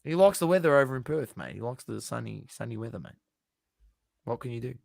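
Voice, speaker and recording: A man's voice: mid-range voice, animated, quick pace, vocal fry, no room sound. An Australian man talking sports on a podcast, blunt and profane, hammering his points home by saying them twice. His voice sits close and dry on the mic, with no room around it. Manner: blunt, swears freely, repeats himself for emphasis. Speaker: podcast co-host. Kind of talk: casual sports chat.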